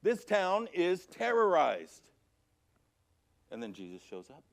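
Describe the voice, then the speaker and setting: A man teaching a church Sunday school class from scripture, animated, swinging from loud emphasis to quiet, low passages. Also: takes it slowly, gravelly. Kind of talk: Bible teaching. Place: church auditorium.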